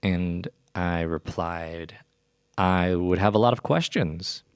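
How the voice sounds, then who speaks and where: A man's voice: sits low, slow, clean tone, no echo, clean studio sound. A young man telling a personal story in a rambling, casual way with lots of restarts. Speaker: podcast host.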